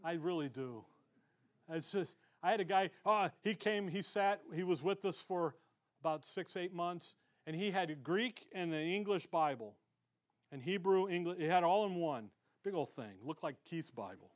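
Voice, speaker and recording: A man's voice: high-pitched, expressive, normal speed. A male pastor preaching a sermon in a conversational way, acting out the voices of the people he quotes.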